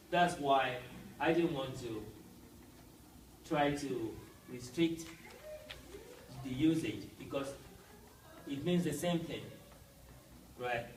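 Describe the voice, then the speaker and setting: A man's voice: medium pitch, a little mellow, echoey room, recorded from a distance, slight background noise, low-quality recording. A man teaching a language class, explaining step by step and often checking with "right?". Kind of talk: classroom lesson.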